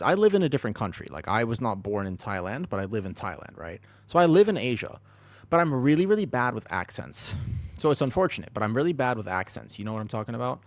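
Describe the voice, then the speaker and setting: A man's voice: mid-range voice, dry recording. A man streaming from his bedroom, chatting casually with viewers and swearing freely. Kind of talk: casual chat to a live stream.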